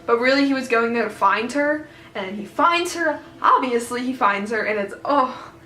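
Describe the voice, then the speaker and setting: Woman gushing about a book she read, rambling and excited, kinda high voice, echoey room. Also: moderate pace, slight background noise. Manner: excited rambling retelling with many fillers. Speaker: book vlogger. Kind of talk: casual book discussion.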